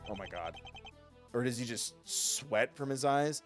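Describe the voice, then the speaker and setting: A man streaming a game live, cracking jokey, excitable asides between reading lines. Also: mid-range voice, measured pace, soft background music. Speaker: gaming streamer.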